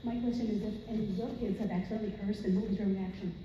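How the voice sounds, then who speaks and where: A woman in a convention audience asking a question, soft-spoken and hurried. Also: medium pitch, steady tone, a little hiss or hum. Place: convention hall. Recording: echoey hall from far off, dull.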